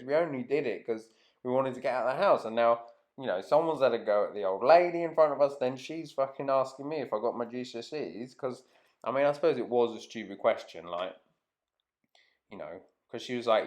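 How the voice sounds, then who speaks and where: A man's voice: medium pitch, normal speed. A man telling a rambling, casual anecdote to camera, swearing freely and trailing off mid-sentence. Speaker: vlogger.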